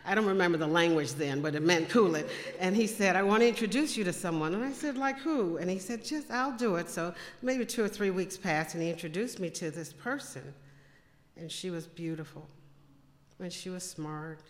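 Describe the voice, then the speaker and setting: A woman speaking to a congregation, telling personal faith stories and acting out the dialogue with big jumps in voice. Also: moderate pace. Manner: animated, acts out quoted dialogue with big pitch jumps. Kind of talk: testimony storytelling to a congregation. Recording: echoey hall with long reverb.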